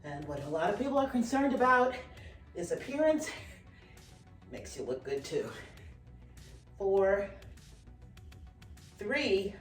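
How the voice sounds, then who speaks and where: A woman's voice: mid-range voice, big pitch swings, slow pace, pauses often. A middle-aged woman fitness instructor, slightly out of breath, cueing form and counting reps during a dumbbell workout. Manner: encouraging, counts reps and cues form while exercising. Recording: roomy, from a distance, with faint music.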